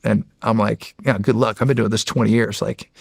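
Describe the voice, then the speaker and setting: A man's voice: on the low side, steady tone, a little fast, creaky, darkish tone, slightly rough, no room sound. An American man in his forties, a show guest, telling stories casually and animatedly, acting out dialogue and laughing often. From United States. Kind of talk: casual storytelling.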